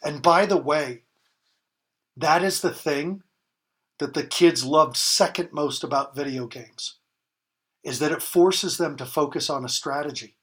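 A man's voice: a little high, a little slow, a bit bright. A man in his fifties, a guest on a podcast, giving parenting advice in an emphatic way and repeating key phrases for stress. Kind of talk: conversational advice in a podcast interview.

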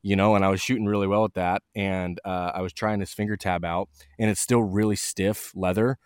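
Man, lowish pitch, dry close sound, relaxed rambling podcast chat. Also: brisk, clean tone, dry recording. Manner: relaxed, rambling, self-deprecating. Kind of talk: casual podcast talk.

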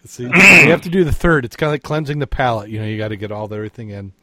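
Halting man telling groaners, dry sound. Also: medium pitch, fairly even intonation, bright, forceful tone, no echo. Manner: halting, repeats his words, tells groan-worthy jokes. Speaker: podcast host. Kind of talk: casual chat.

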